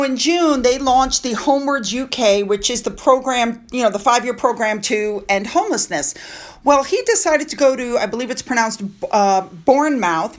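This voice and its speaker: A woman with a high voice chats casually to her viewers in a gossipy vlog. She talks in a friendly, chatty way and keeps breaking off to speak to the audience directly. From United States. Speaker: royal news vlogger. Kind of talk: casual chat.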